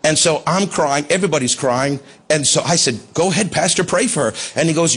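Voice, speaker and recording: A male preacher with a husky, high-set voice tells a story from the pulpit. He builds in passion until he is shouting the high points. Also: a little fast, few pauses. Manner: impassioned, voice climbing to shouts at climaxes. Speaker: pastor. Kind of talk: sermon storytelling.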